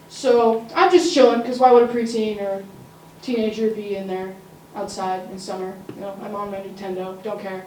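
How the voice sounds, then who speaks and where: A woman's voice: medium pitch, fairly even intonation, normal speed, darkish tone. A teenage girl telling a funny personal story at a live school story slam, with comic asides to the audience. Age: teens. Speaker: student storyteller. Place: school auditorium. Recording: roomy, distant mic, faint noise.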